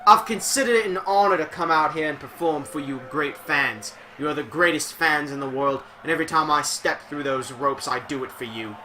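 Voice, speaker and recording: A vengeful male wrestler with a wobbly Scottish accent, voiced by a man reading his lines aloud. He speaks in a solemn, dramatic promo cadence. His voice sits fairly high and rings bright and forceful. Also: a little fast, few pauses, a little hiss or hum. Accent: put-on Scottish, admittedly poor.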